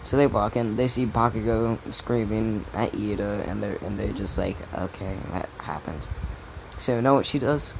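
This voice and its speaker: A young man spins a made-up fan story off the cuff, swearing freely and restarting his sentences. His voice sits a bit low. A steady background noise runs under the whole recording. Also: moderate pace, gravelly, few pauses. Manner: rambling, profane, lots of restarts. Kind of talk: improvised fan-fiction storytelling.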